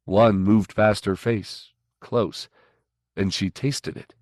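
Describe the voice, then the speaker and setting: A man narrating a science fiction audiobook in a measured, even way. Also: fairly low pitch, no echo, studio quality. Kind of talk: scripted narration.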